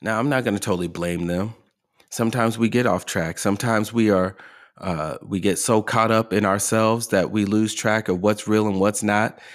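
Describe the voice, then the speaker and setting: His pitch is fairly low and his intonation fairly even as this podcast host speaks at a moderate pace. The show is motivational, and he addresses listeners emphatically with rhetorical questions.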